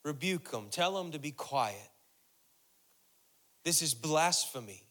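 A man's voice: a little high, lively intonation, takes it slowly, a bit bright. A man preaching a sermon, repeating phrases for emphasis and building intensity as he reads and explains scripture. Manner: preaching with rising intensity, voicing Jesus' words. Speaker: pastor.

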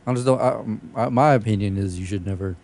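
A man's voice: on the low side, fast talker, a little mellow. A man co-hosting a casual chat, joking, swearing and laughing often.

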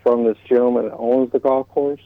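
An earnest male caller heard over a narrow, tinny phone line. He speaks haltingly, repeating words as he works through his point, and the sound is dry. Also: mid-range voice, flat delivery, no echo. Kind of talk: call-in radio chat. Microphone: telephone line.

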